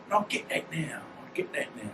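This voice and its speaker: A man's voice: fairly high pitch, big pitch swings, normal speed, background noise. A man, telling stories in a blunt, rambling, slangy way as an interview guest. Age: 50s. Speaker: guest, former boxer. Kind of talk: casual storytelling. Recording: roomy echo, distant mic, faint ambience.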